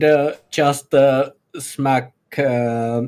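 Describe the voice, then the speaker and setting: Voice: mid-range voice, expressive, drawn-out words. A player in a tabletop game, describing his moves hesitantly with many fillers. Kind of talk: casual tabletop play.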